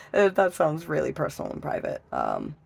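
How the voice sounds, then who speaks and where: A woman's voice: deep voice, huge pitch swings, normal speed, creaky, a little mellow, slightly rough. Emotional swearing woman reading tarot. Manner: emotional, swears often, trails off and restarts. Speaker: tarot reader. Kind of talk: casual tarot reading vlog.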